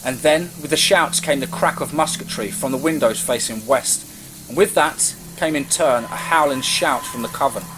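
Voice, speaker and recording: A man telling a first-person horror story in a tense, vivid way that rises with the chase. His voice sits at a middle pitch. Faint cricket chirps and night ambience linger behind him. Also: normal speed, noisy background.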